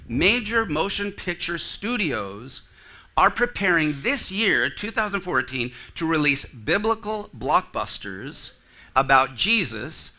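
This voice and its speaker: A man's voice: fairly high pitch, bright, forceful tone. A male pastor preaching a sermon in a church, earnest, with asides to the congregation. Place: church sanctuary.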